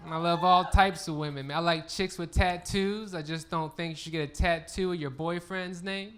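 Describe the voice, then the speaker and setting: A man's voice: a little high, steady tone, normal speed, fairly bright tone, a little hiss or hum. A man doing a crude, punchy stand-up comedy set on a live stage. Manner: punchy, crude, laid-back delivery. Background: audience laughter.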